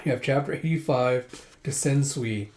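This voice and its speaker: A man's voice: mid-range voice, normal speed, a little mellow. A man casually reading through a comic aloud, retelling scenes with lots of "it's like.". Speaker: manga readthrough host. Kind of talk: casual read-aloud commentary.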